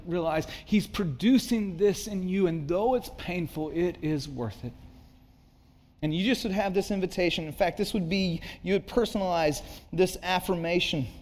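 Earnest male pastor in a reverberant hall. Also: sits high. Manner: earnest, swings from hushed to emphatic. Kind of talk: sermon. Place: church sanctuary.

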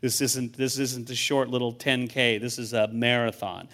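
A man's voice: mid-range voice, steady tone, normal speed, a bit bright. An older man, a guest pastor, preaching to a church congregation in a conversational, storytelling way, often repeating words as he starts a thought. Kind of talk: sermon.

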